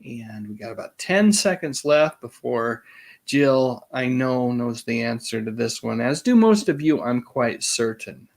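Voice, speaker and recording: A man's voice: medium pitch, expressive, creaky. Chatty man hosting a live trivia quiz. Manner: chatty, reads quiz choices slowly. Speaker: host.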